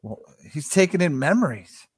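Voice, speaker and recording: A man's voice: a little high, very animated, normal speed, husky, dry recording, clean studio sound. A man co-hosting a casual chat show, bantering in a wry way. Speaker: podcast co-host.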